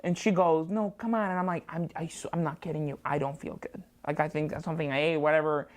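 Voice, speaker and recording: A comedian guest with a slightly low-pitched voice relates a frantic story in a studio at a quick pace and steady tone, jumping between hushed asides and loud, high bursts as she plays every character. Quoted lines send her voice up, and describing her nerves brings it low, with big swings as she acts out both sides of the dialogue.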